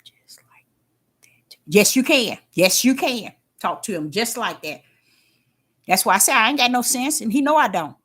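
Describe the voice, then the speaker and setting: Older woman, casual spiritual testimony, folksy and emphatic, somewhat high voice. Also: lively intonation, moderate pace, husky. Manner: swings between loud and hushed. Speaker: faith talk host.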